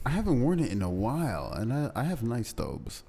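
A man co-hosting a podcast, talking in a relaxed, earnest way and explaining things for listeners. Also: medium pitch, fairly quick. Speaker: podcast co-host. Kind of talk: casual chat.

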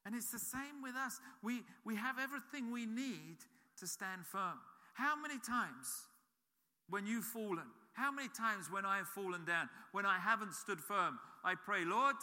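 A man's voice: high-pitched, expressive, unhurried, sharp tone. A man preaching a sermon as a pastor, emphatic and repeating key phrases. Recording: reverberant hall.

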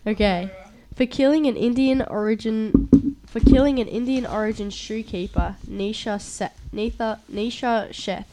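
A woman's voice: a little high, mellow, slight background noise. A young woman co-hosting a casual chat podcast, reading articles aloud with stumbles and giggles. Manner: reads aloud haltingly with stumbles, chatty and giggly. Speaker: co-host.

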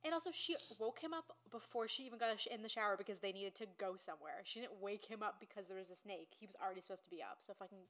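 A woman's voice: mid-range voice, rapid-fire, few pauses, a bit bright. A young woman co-hosting a podcast, chatting casually with sarcasm and swearing. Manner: sarcastic, profane, recounts scenes in quoted voices. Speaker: podcast co-host. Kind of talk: casual chat.

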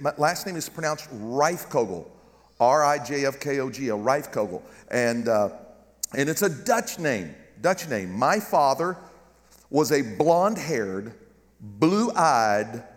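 Taking it slowly in a medium-pitched voice, a middle-aged guest pastor from the United States with a Southern accent preaches a humorous sermon. The big-room sound fits the large church with a balcony, where he jokes animatedly and calls for amens.

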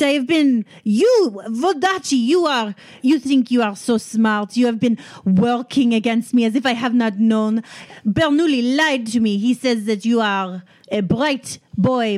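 A woman's voice: mid-range voice, a little mellow, no echo, lightly acted. Brief: woman voicing a stilted, blustering older male villain in a tabletop game, indignant and threatening, dry close sound. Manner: blustering, outraged, stilted formal speech.

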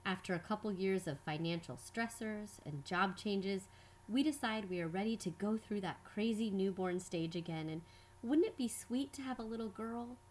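A woman telling a personal story in scripted narration, measured and reflective. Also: medium pitch, slight background noise. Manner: measured, reflective, quietly earnest.

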